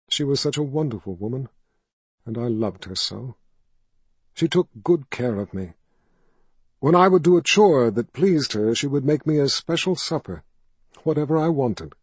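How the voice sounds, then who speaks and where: A man reading an audiobook voices a soft-spoken, sinister male ruler who coaxes a frightened child with false gentleness. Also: medium pitch, expressive, measured pace, pauses often, husky, no room sound. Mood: coaxing, soothing. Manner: soft, coaxing and indulgent. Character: smooth, soft-spoken male tyrant posing as kind.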